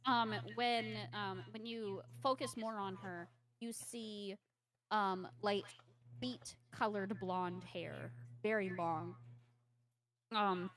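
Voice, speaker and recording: A woman narrating a tabletop game as game master, pausing often with filler sounds. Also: mid-range voice, steady tone, a bit bright. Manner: hesitant, with many filler sounds.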